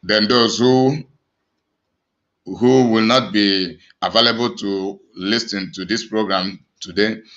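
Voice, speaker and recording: Emphatic Nigerian man preaching, bright tone. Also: on the low side, steady tone, slow pace, lo-fi sound. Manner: emphatic, repetitive, with frequent restarts and fillers. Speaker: evangelist and channel host. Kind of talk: preaching monologue to an online audience.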